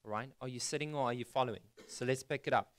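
A man's voice: mid-range voice, fast talker. A man giving a sermon, retelling a scripture story in plain words and asking his listeners questions. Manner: conversational preaching, asks the audience questions. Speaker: pastor.

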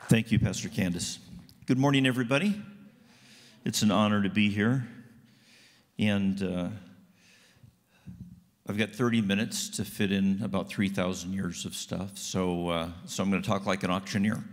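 A man's voice: deep voice, fairly even intonation, normal speed, pauses often, big-room sound. A man giving a guest sermon in a church, folksy and conversational. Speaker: guest speaker. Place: church sanctuary.

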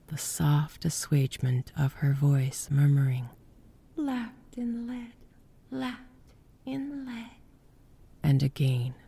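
Hushed, low-voiced woman narrator. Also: vocal fry, breathy edge. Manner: hushed, often whispering. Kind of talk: scripted story narration.

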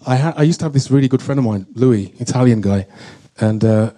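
A man telling a candid, emotional story as a guest at a live on-stage Q&A, full of halting restarts. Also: medium pitch, warm tone. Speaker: guest actor. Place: stage in front of an audience.

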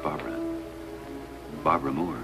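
An earnest hospital chaplain, very deep gravelly voice, 1950s TV drama with music underneath. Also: male voice, moderate pace, low-quality recording. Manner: earnest, gentle questioning. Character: calm, persistent male hospital chaplain.

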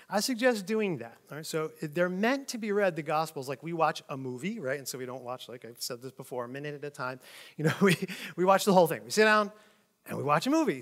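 A man teaching from the Bible in a relaxed, conversational way. He reads passages aloud and then explains them informally. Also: a little high. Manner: conversational, with frequent "like" and "kinda". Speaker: preacher.

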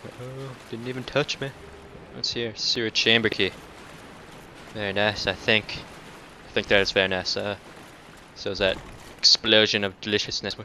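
A man doing casual let's-play commentary, cursing and taunting enemies, dropping to mutters and then breaking into loud outbursts. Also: lowish voice, little pitch movement, normal speed, background noise. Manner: profane, talks back to enemies, swings between mutters and outbursts. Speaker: gameplay commentator.

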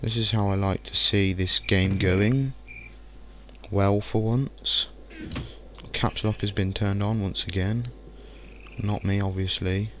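Low, slow-talking gamer man. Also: a little hiss or hum. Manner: excitable, swears and mutters at the game. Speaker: gaming channel host. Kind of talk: let's play commentary.

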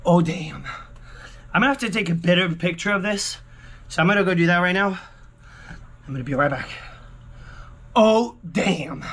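A man vlogging a lottery scratch-off, talking excitedly to his viewers, repeating exclamations and swinging from hushed murmurs to yelling. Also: high-pitched, normal speed, pauses often. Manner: exclamatory, keeps repeating himself and calling out to viewers. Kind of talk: excited casual vlog commentary.

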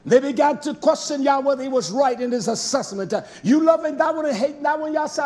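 A man's voice: very high voice, quick pace, a little mellow. A man preaching a fiery, confrontational sermon, scolding his listeners and firing rhetorical questions at them.

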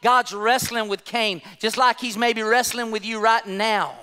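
A male pastor delivers an impassioned sermon in a very high, crisp voice. He retells scripture in plain everyday language. His voice carries through a church hall with a long echo. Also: fairly even intonation, unhurried, sharp tone. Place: church sanctuary.

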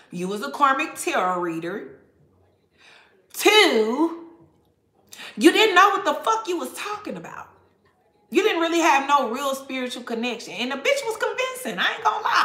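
A woman's voice: high voice, sing-song, normal speed, sharp tone, reverberant. A woman tarot reader talking casually to viewers, blunt and profane, laughing often. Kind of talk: casual tarot reading livestream rant.

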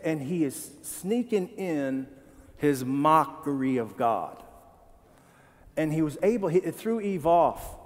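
A man pastor preaching a sermon in a church, animated and joking, asking the congregation questions. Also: fairly high pitch, slow, big-room sound. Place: church sanctuary.

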